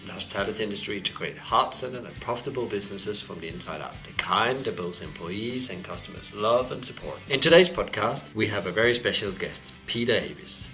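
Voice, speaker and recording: A man hosting a podcast, reading a scripted intro and then asking interview questions, with slightly off grammar and some slow, stretched phrases. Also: fairly low pitch, a bit bright. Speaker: podcast host. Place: cafe bar in Hove, England.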